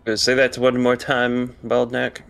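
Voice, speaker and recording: A man's voice: mid-range voice, monotone, measured pace, gravelly, fairly bright tone, smooth, soft background music. A man playing a tabletop game in an easygoing, questioning manner. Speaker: player.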